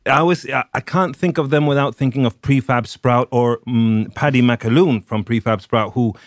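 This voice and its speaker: A man's voice: mid-range voice, moderate pace, no room sound, studio quality. A man hosting a podcast in casual chat, rambling and enthusiastic as he talks through his thoughts. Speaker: podcast host.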